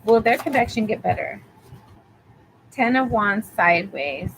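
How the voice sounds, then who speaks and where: A woman giving a tarot reading, calmly reassuring the listener with affirmations and rambling a little as she talks. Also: mid-range voice, unhurried, slight background noise, poor audio. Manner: rambling, with fillers and restarts. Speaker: tarot reader. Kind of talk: live tarot reading for a viewer.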